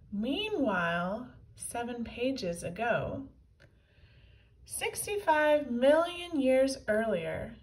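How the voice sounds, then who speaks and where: Slow storytelling woman. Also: fairly high pitch, distant mic, poor audio. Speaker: children's book reader. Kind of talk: reading aloud to children.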